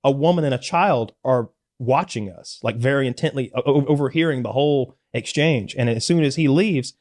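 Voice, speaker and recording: A man from Georgia in the US, a podcast guest telling lively, profane stories in casual chat. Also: mid-range voice, normal speed. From Georgia, USA.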